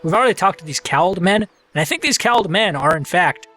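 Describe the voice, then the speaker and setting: A chatty young-sounding man comments on a game he is playing, his voice bouncing around a lot and sitting a bit high. He mocks himself often, and faint music sits under him. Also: expressive, brisk, bright, forceful tone. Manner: chatty, playful, self-mocking. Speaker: let's play host.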